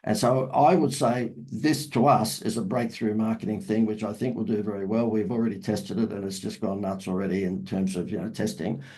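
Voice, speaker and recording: A man's voice: on the low side, fairly even intonation, fairly quick, few pauses, dark tone, low-quality recording. A man, a marketing expert talking as an interview guest in a salesy, emphatic way that repeats phrases. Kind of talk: casual interview talk.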